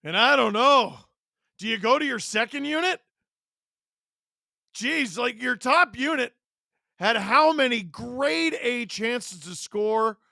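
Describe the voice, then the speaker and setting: A man hosting a live watch-along, calling the game play-by-play in an excited way and breaking into shouts on big plays. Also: very high voice, slow, creaky, pauses often, no echo, clean studio sound.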